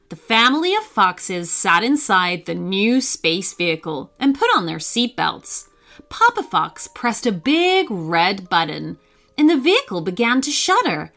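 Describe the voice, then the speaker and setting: Slow, expressive woman reading a bedtime story. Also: medium pitch.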